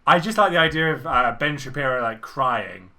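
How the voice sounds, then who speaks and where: A man's voice: mid-range voice, moderate pace, sharp tone. A young man co-hosting a casual group commentary, talking in a dry, mock-earnest, sarcastic way. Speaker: co-host.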